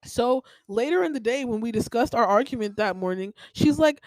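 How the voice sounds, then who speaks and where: A woman's voice: fairly high pitch, animated, moderate pace, hardly any pauses, dry recording, poor audio. A young woman hosting a podcast, telling a personal story in a rambling, heated way with lots of filler words. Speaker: podcast host.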